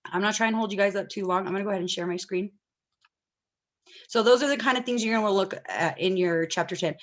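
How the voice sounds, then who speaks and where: A woman's voice: medium pitch, fast talker. A woman teaching an online class, talking casually and often checking that students follow. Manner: chatty, asks the class questions often.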